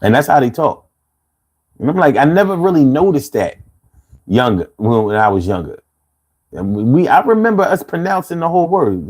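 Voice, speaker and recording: Streetwise Philly-accented man in his fifties hosting a live stream, lively swings in pitch, laid-back and quick to laugh. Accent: Philadelphia. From Philadelphia, USA. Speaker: livestream host. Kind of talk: casual live chat reading comments.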